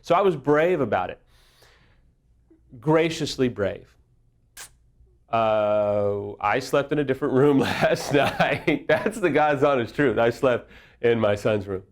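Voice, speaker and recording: A man's voice: medium pitch, expressive, slow, long pauses. A middle-aged man giving a candid, self-deprecating talk on recovery, mixing humor with open vulnerability. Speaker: affair recovery speaker. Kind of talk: candid casual teaching talk.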